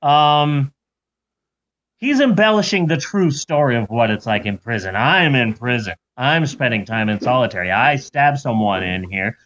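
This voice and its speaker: A man's voice: medium pitch, expressive, normal speed, fairly bright tone, voice pushed down, lightly acted. A man voicing a blunt, boastful adult male prison inmate. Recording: lo-fi recording.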